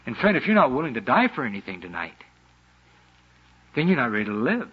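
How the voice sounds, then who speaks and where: A man preaching a sermon with a lively, dramatic delivery, sometimes acting out the voices of the people he quotes, on a muffled lo-fi recording. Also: mid-range voice, brisk, slightly rough.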